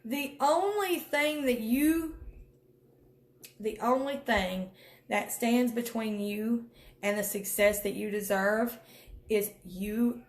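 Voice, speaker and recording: A woman giving viewers an emphatic, preachy pep talk about network marketing, calling them honey and y'all. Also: mid-range voice. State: near tears at times. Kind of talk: direct-to-camera pep talk. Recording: echoey room.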